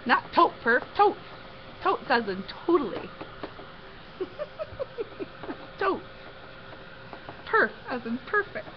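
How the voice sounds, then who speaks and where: With a high-pitched voice, drawn-out words, and long pauses, a middle-aged woman from Canada tells a story on a casual craft livestream as she works. She giggles and laughs often, an animated storyteller, over dull lo-fi audio with faint noise.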